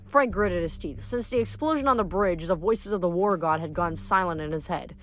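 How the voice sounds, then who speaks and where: A woman's voice: on the low side, animated, normal speed, hardly any pauses, a bit bright, faint music behind. A woman reading chapters of a novel aloud expressively, with small restarts now and then. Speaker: audiobook reader.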